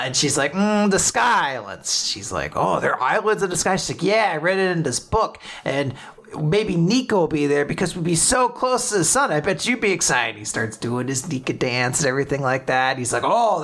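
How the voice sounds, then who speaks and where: A man co-hosting a casual chat podcast, recapping a story with lively acted-out quotes and frequent laughter. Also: a little high, fairly quick. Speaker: podcast co-host recapping manga.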